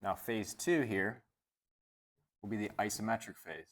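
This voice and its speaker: A man with a somewhat low voice teaches strength training while he demonstrates. He walks through each movement as he goes and counts out the holds in a plain instructional way. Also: unhurried, a bit bright. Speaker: chiropractor and trainer. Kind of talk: exercise demonstration.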